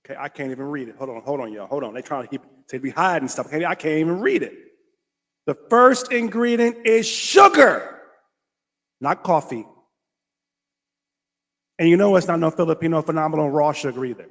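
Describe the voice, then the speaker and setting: A male host giving casual reaction commentary, reading food labels aloud in an animated, exclamatory way. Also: a little high, rapid-fire, few pauses, big-room sound.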